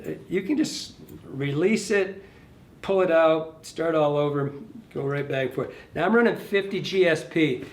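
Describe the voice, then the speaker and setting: Man, fly tying instructor, loose rambling delivery, pitched a bit high, roomy echo. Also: moderate pace. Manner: rambling, self-correcting, talks to the fly as he works. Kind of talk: casual hands-on tutorial. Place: fly shop tying bench.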